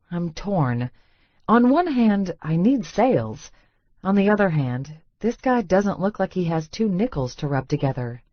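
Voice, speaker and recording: Expressive woman narrating a romance. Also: fairly low pitch, no room sound, lo-fi sound. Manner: expressive, wry inner monologue. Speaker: audiobook narrator. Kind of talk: first-person romance narration.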